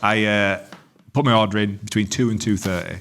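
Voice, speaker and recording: A lower-pitched man chatting on a podcast. He tells a sweary, blow-by-blow story and puts on the voices of the people in it, keeping it conversational. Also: steady tone, a little fast, a bit bright. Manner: sweary storytelling, acts out both sides. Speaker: podcast co-host. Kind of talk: casual chat.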